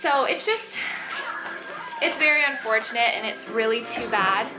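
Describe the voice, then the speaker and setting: A woman's voice: fairly high pitch, expressive, moderate pace, over music. A young woman vlogging as a stay-at-home mom, chatty and laughing often, sighing now and then. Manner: chatty, laughs often, sighs, talks to her kids. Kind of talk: casual home vlog.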